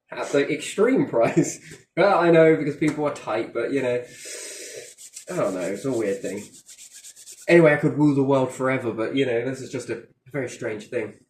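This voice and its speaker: A man's voice: mid-range voice, expressive, moderate pace, long pauses, darkish tone, a little hiss or hum. A man in casual chat, rambling and swearing, joking and acting out little dialogues. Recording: roomy echo.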